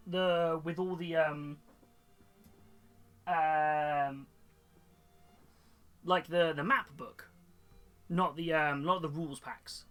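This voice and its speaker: A hobby streamer who sells model kits chats casually on a live stream while building models. His voice is a little high and a bit bright, and he rambles along with many fillers and restarts.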